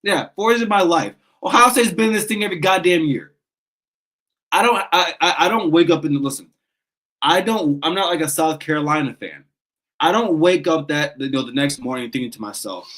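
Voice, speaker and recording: A man's voice: a little high, lively intonation, a little fast, a bit bright, rough recording. A man in his thirties runs a casual sports fan show in a slightly raised voice. He rants with passion, curses freely, and trips over his words as he restarts sentences. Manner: passionate, ranting, swears, stumbles and restarts. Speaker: sports call-in show host.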